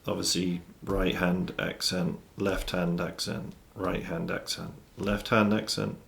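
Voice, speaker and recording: A man teaching drum exercises in a measured, methodical way, counting out stickings. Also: low voice, level tone, gravelly, a bit bright, a little hiss or hum. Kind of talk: instructional explanation. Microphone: studio mic with monitor system.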